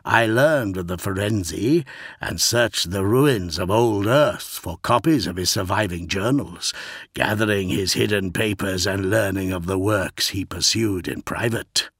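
A man voicing a brooding male warlord, grave and proud, speaking low, slow and measured in an audiobook reading. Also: fairly bright tone, breathy edge, no echo, studio quality, heavily acted.

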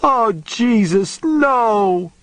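A man's voice: medium pitch, big pitch swings, normal speed, no echo, poor audio. A man reading the lines of a terrified trapped woman who pleads and talks herself through her fear, in a storybook reading. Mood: screaming. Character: terrified trapped woman, desperate but determined.

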